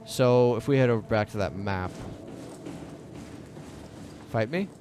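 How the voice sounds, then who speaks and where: A man's voice: fairly low pitch, brisk, darkish tone, slight background noise. A young man commentating his own gameplay, reacting nervously, swearing and talking to the characters on screen. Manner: jumpy, talks to game characters, swears. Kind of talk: let's play commentary.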